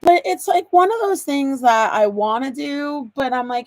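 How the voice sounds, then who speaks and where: A woman's voice: high voice, expressive, normal speed, hardly any pauses, no room sound. Bubbly woman hosting a craft live stream. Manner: bubbly, laughs often, greets viewers by name. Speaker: host of a live card-making demo.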